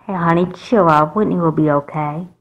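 A woman voicing a calm, firm mother in a doll movie, scolding patiently. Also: fairly low pitch, moderate pace, muffled recording.

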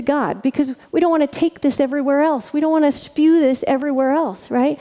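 A woman's voice: high voice, fairly quick, hardly any pauses, dark tone. A woman pastor giving a conversational sermon, chatty and full of asides and restarts. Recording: long reverb of a large hall.

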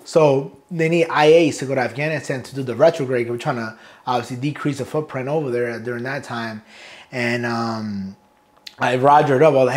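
A middle-aged man from New York, a guest in an interview, telling his stories in a casual, animated and profane way, acting out quotes with laughter. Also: mid-range voice, fairly quick.

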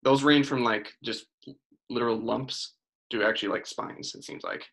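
A man scientist shares research findings in a loose, hedging way. His mid-pitched voice has a gravelly, fry-filled edge. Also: normal speed. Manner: relaxed, hedging, fillers like "you know". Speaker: marine mammal scientist co-host. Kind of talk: casual educational chat.

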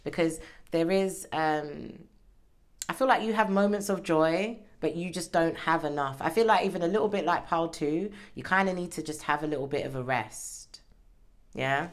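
A woman's voice: deep voice, normal speed. A woman giving a casual tarot reading, chatty and encouraging, often checking in with "okay?". She speaks into a microphone worn close to her hair. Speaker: tarot reader. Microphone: microphone worn near her hair.

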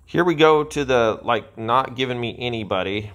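A man giving frustrated gameplay commentary as a channel host, sighing and ranting with drawn-out insults at the game. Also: medium pitch, a bit bright.

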